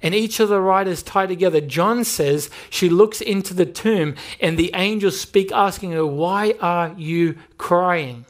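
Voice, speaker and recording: Australian male pastor, slightly high voice, earnest emphatic sermon delivery. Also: normal speed, hardly any pauses. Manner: earnest, emphatic preaching with repeated phrases. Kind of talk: sermon with prayer.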